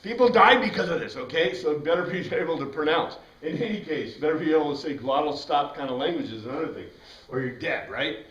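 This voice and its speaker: Animated male Bible teacher, echoey room. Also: on the high side, brisk, distant mic, lo-fi sound. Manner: animated, asks the class questions, frequent "right?". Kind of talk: classroom lecture.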